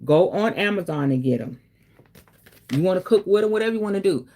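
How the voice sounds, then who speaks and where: A woman's voice: lowish voice, lively intonation, a little fast, warm tone. Chatty woman giving spiritual advice. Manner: chatty, preachy, affectionate, says baby and okay often. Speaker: spiritual reader and host. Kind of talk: casual spiritual teaching.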